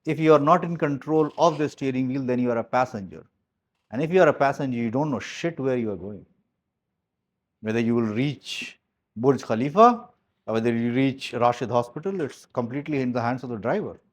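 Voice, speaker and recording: A man with a mid-range voice talks fairly quickly, giving his team a motivational speech in his role as business coach. He's blunt and emphatic, repeats the key phrases, and swears mildly at times.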